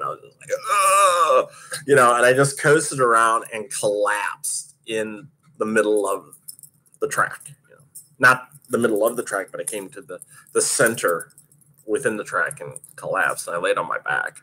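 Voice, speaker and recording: A man's voice: on the low side, bright, forceful tone. A man casually recounting a hard skating practice, laughing often and swearing freely as he tells it. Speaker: roller derby skater recounting practice. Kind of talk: casual storytelling monologue.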